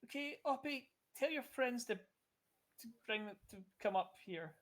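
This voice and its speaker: A wary, confused woman clutching a crossbow, put on by a game master. She talks higher than the narrator's own voice, flustered and halting. A tabletop role-play character. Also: lively intonation, fairly bright tone. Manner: flustered, hesitant.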